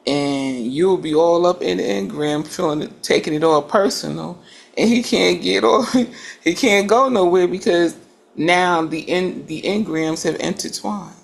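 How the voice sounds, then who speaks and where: Gravelly-voiced woman making earnest points. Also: lowish voice, measured pace. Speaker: discussion group participant. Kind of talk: casual group discussion.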